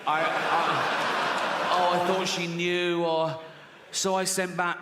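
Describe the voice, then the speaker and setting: A man's voice: high voice, flat delivery, takes it slowly, heavy background noise. A man performing live stand-up comedy, swearing freely and often laughing at his own jokes. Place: large live venue with audience. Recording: loud audience in echoing venue.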